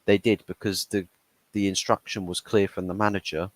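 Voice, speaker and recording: A man's voice: deep voice, moderate pace, dry recording. Opinionated man ranting about football. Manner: animated, acts out quoted dialogue, frequent restarts. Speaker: football channel host. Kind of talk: casual chat, opinionated rant.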